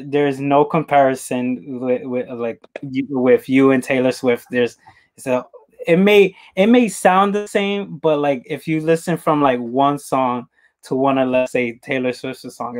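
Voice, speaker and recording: Halting, rambling male interview host. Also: mid-range voice, steady tone. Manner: halting, repeats words, rambling. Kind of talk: casual interview chat.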